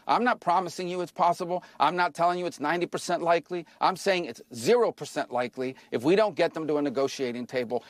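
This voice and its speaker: A man's voice: on the high side, no echo. A man speaking as a government official, making a firm, insistent press statement.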